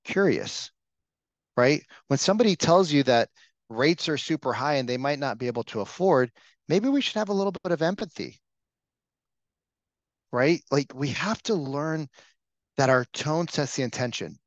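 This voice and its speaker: A man's voice: on the high side, expressive, moderate pace, pauses often, no room sound, dull audio. A man leading a sales training session, talking casually and coaching the room with frequent questions. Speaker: real estate sales trainer. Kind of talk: live training session talk.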